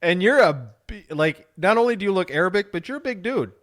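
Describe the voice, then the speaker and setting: A man's voice: high voice, lively intonation, brisk, fairly bright tone. A man co-hosting a casual podcast, ranting in a profane, jokey, rambling way. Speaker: podcast co-host. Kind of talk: casual chat.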